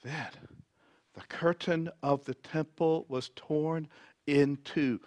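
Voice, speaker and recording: A man preaching a sermon, reading scripture dramatically and swinging from loud emphasis to near whispers. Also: on the high side, fairly even intonation, slow pace, no echo.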